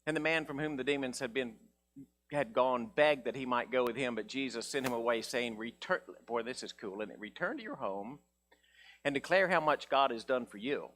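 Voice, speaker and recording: A male pastor with a mid-range voice preaches a folksy, animated sermon at a moderate pace, acting out the voices of Bible characters. There's a little background noise.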